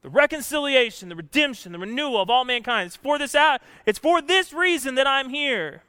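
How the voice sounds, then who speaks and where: A man preaching a sermon in an animated way, moving from hushed asides to loud outbursts. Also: very high-pitched, a little fast, clear, resonant tone, no room sound, studio quality. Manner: animated, swings from hushed to shouting, laughs often. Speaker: pastor.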